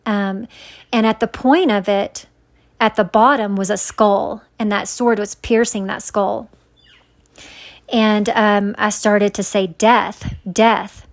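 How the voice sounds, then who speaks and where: A woman vlogger describes a dream she had, speaking slowly at medium pitch with a steady tone. Her telling is casual and rambling, full of fillers and restarts, earnest as she searches for words.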